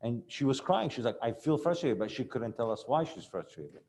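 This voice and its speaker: Quiet man asking an earnest question. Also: mid-range voice, very animated, fairly quick. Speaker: audience member asking a question.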